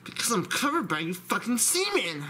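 A woman's voice: on the high side, very animated, normal speed, sharp tone, a little hiss or hum, voice pushed down. A woman voicing a weary, underpaid male plush chef who sighs, grumbles and swears. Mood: frustrated. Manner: sighing, grumbling, foul-mouthed.

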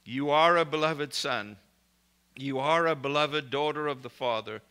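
A man's voice: a little high, measured pace, sharp tone, smooth. A man preaching a recorded sermon in an emphatic, declarative way, speaking blessings and prayers over his listeners.

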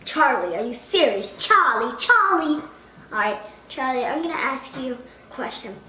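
A woman's voice: high-pitched, very animated, normal speed, sharp tone, distant mic. A woman hosting a comedic spoof vlog at home, talking in a playful, mock-dramatic way with exaggerated gasps and alarm. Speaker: vlogger. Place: at home indoors. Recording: echoey room, voice from off-mic.

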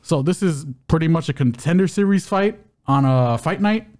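Stumbling over names as he goes, this fight-betting podcast co-host runs through fight previews with a loose, joking air. He sounds a little high and animated, with a darkish tone, at a moderate pace.

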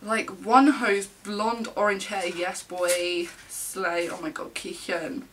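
Gushing young woman, bright voice. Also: medium pitch, slow, far from the mic, a little hiss or hum. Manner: gushing, gasping, breathless fangirl excitement. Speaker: vlogger. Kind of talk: excited album unboxing.

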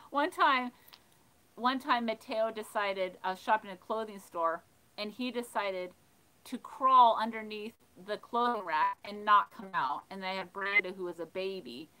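Bright-voiced woman telling a laughing story. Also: mid-range voice, unhurried, smooth, low-quality recording. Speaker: livestream host of a thrifting channel. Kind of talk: casual storytelling while reading live chat.

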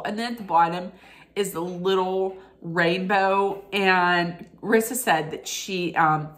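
A vlogger with a medium-pitched, slightly bright voice films a casual unboxing, gushing and sentimental. She gets tearful as she goes, rambling and restarting her sentences.

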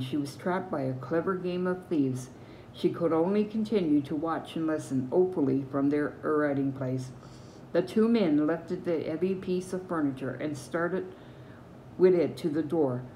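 An older woman with a Newfoundland accent reads a mystery novel aloud in a low voice, telling it steadily and fixing small slips as she goes. A faint hiss sits behind her. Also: poor audio. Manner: steady storytelling with small slips and self-corrections. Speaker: reader.

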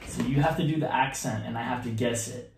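A man on a couple's vlog, explaining the rules of a party guessing game in a relaxed, playful way. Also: medium pitch, fairly quick, reverberant, recorded from a distance, slight background noise. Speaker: vlogger, game host.

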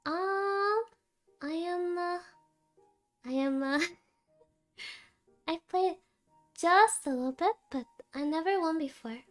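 A woman's voice: very high voice, slow pace, pauses often, faint music behind. A woman VTuber chatting casually to her viewers while gaming, cutesy and giggly, with a tired, sleepy voice. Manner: giggly, cutesy, talks to chat with many laughs. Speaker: VTuber streamer. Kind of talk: casual game stream chat.

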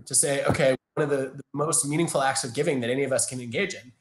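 A man in his thirties answers interview questions in a thoughtful, explanatory way, often restarting his sentences. He speaks at a middle pitch. The sound is roomy, with a noticeable echo from a video call. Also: steady tone, fast talker. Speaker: guest, organizational psychologist.

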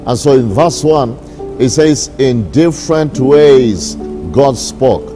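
A bishop preaching a sermon, repeating his declarations slowly and with emphasis. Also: mid-range voice, expressive, over music. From Kenya.

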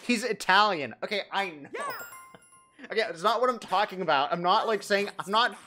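A man's voice: sits high, expressive, brisk, bright, forceful tone, soft background music. A young man streaming a game from home, chatting in a crude, joking, rambling way. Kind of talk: casual gaming stream chat.

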